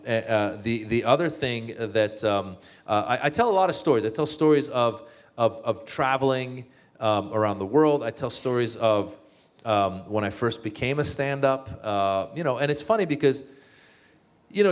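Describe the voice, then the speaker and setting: A man, a comedian speaking as a guest, telling stories in a casual talk, full of restarts, fillers and sudden jumps in pitch when he acts out his own thoughts. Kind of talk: storytelling talk.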